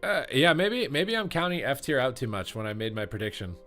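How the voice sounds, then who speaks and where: A man's voice: mid-range voice, a little fast, soft background music. A man casting a live esports broadcast, chatting with the stream chat and calling the action play by play. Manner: excitable, chatty, reads out chat. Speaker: esports caster. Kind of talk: live game commentary.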